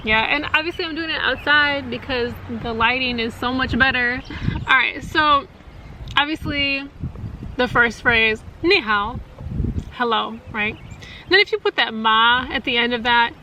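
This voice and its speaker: A woman's voice: on the high side, a little slow, pushed and bright, low-quality recording. A woman in her thirties talking casually to her viewers outdoors, chatty with many fillers and easy laughs. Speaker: vlogger. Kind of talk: casual chat. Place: outdoors in cold wind. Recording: wind noise on the mic.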